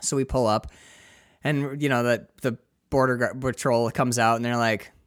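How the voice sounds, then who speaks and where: A man's voice: medium pitch, fairly even intonation, moderate pace, no echo, clean studio sound. A young man co-hosting a podcast, telling a story in a casual, profane, self-mocking way. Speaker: podcast co-host. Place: podcast studio.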